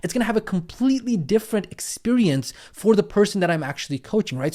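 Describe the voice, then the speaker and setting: Energetic man coaching, lively pitch swings. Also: fast, hardly any pauses. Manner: energetic, demonstrates tonality with big pitch swings; repeats "right?" as a check-in. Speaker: coaching instructor. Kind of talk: training lesson walking through a coaching script.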